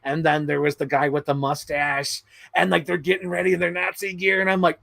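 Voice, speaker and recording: A man hosting a livestream, chatting excitedly and rambling, swearing freely as he talks. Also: a little high, brisk, vocal fry, dry recording. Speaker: livestream host. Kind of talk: casual chat.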